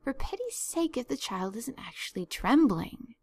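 A woman voicing a stern, practical older woman guardian who talks in a brisk, scolding, no-nonsense way. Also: fairly high pitch, big pitch swings, a little mellow, slightly rough, heavily acted.

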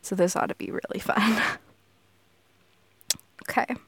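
A woman's voice: medium pitch, measured pace, creaky, fairly bright tone, slightly rough, dry recording. A woman from Texas with a Southern accent, chatting casually and goofily in a solo audio, laughing often and swearing casually. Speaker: audio creator.

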